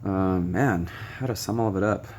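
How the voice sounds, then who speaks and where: A young man talks directly to camera, offering recovery advice frankly and ramblingly, with lots of ums and some blunt swearing. His voice is low and darkish at a moderate pace, with a little hiss or hum, and the noisy room has stray tapping and beeping.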